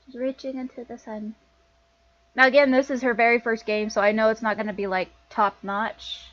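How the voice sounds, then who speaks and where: A woman's voice: on the high side, flat delivery, normal speed, fairly bright tone, no echo. A woman streamer giving casual commentary on a visual novel, chatty and often correcting herself. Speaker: game streamer. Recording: dull lo-fi recording.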